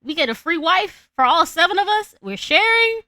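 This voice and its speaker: Storybook dwarves, cocky and slangy, voiced by a woman; bright, dry close mic. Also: very high-pitched, big pitch swings, normal speed, no room sound, voice pushed up, full character voice. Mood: brash. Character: seven gruff male cartoon dwarves, boastful.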